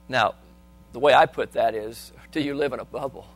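A man with a mid-range voice preaches fairly quickly, reading scripture aloud and asking his congregation questions while moving between soft and loud. The recording has no room sound, with soft music in the background.

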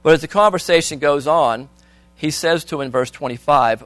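A man preaching a sermon, reading scripture aloud and asking the congregation questions, swinging between soft and loud. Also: fairly high pitch, brisk, dry recording.

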